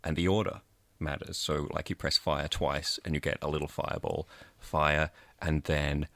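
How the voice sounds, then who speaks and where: A man's voice: extremely low pitch, little pitch movement, moderate pace, a bit bright, dry recording. A man co-hosting a radio podcast in a studio, explaining game mechanics in detail with enthusiasm. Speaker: podcast co-host. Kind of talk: casual game review chat.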